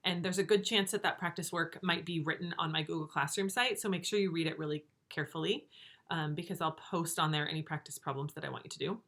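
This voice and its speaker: Woman teacher, remote lesson, encouraging, clear and slow, bright tone. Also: low voice. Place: home room with a whiteboard.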